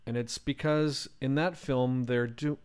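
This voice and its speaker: A man's voice: mid-range voice, steady tone, unhurried, darkish tone, smooth. A man talking enthusiastically and agreeably in a casual group debate.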